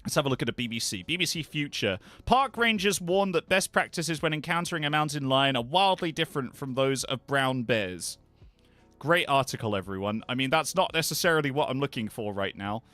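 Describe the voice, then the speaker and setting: A man's voice: medium pitch, expressive, brisk, bright, forceful tone, no echo, soft background music. A man live-streaming and chatting casually with his viewers, animatedly reading web pages aloud with offhand asides.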